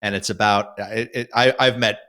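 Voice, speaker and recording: A man from New York, a retired detective and author, telling stories lively in an interview. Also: fairly low pitch, fairly quick. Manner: lively storyteller, acts out voices. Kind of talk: storytelling interview.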